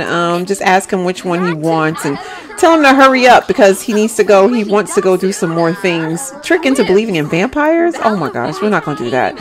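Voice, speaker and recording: A woman's voice: medium pitch, animated, a little fast. A woman giving chatty, giggly let's-play commentary on a life-simulation game, talking straight to her viewers.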